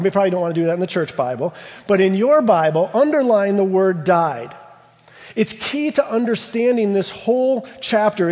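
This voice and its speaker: A man preaching a sermon in a church, emphatic, slowing down to stress key words. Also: high voice, darkish tone, long reverb tail. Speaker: pastor. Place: church sanctuary.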